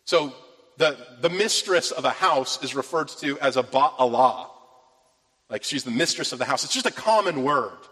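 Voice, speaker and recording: A man's voice: mid-range voice, animated, normal speed, sharp tone. A man preaching a sermon from scripture, earnest and rising with emphasis on key phrases. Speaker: pastor. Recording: long reverb of a large hall.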